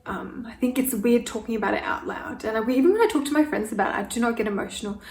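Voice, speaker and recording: A beauty vlogger in her twenties does a get-ready-with-me Q&A while applying makeup, speaking candidly and becoming emotional, even tearful at times. Her voice runs high, quick, and a little mellow, captured from a distance in an echoey room with faint noise.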